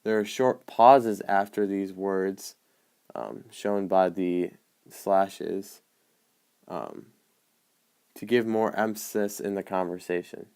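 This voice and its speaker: A man explaining the marks on an annotated play script, in a measured way with frequent hesitant ums. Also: low-pitched, steady tone, a little mellow, clean tone. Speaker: student presenter.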